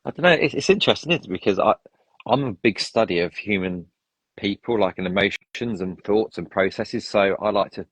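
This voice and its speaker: A man's voice: lowish voice, a little fast, slightly rough, no echo, low-quality recording. A man chatting as a podcast guest, opinionated and rambling with frequent restarts. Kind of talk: casual chat.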